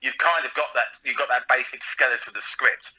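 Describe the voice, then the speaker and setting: A man's voice: mid-range voice, steady tone, fairly quick, sharp tone, husky, low-quality recording. A man, a pantomime comic and radio presenter, chatting in an interview with frequent laughs and restarts. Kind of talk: casual interview chat.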